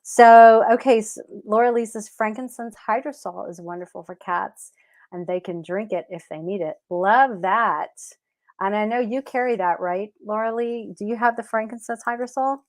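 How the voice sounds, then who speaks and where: A chatty woman hosts a live question-and-answer show in a loose, rambling way, stopping to correct herself mid-sentence. Her voice sits at a middle pitch for a woman. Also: normal speed, a little mellow. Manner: rises into high baby talk with her cat. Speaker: host of a cat health show. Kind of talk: casual live Q&A chat.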